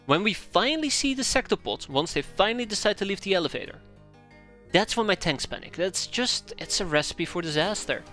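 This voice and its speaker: A man commentating his live gameplay stream in a bright, forceful voice, complaining aloud and repeating himself. His pitch shoots up sharply when things go wrong, with quiet game music under him. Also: big pitch swings, fairly quick. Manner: exasperated, complains aloud, voice jumps high when upset.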